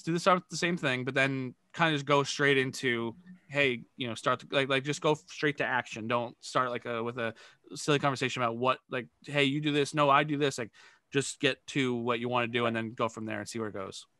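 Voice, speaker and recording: A man's voice: medium pitch, steady tone, a little fast, bright, forceful tone, clean tone, no echo, clean studio sound. A man on a podcast, coaching improv in a rambling, casual way with lots of fillers.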